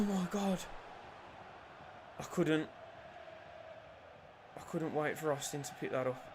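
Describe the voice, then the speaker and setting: A young man commentating his own football video game, swinging from low mutters to loud shouts and cheeky jokes. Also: slow pace, long pauses. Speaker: gaming YouTuber.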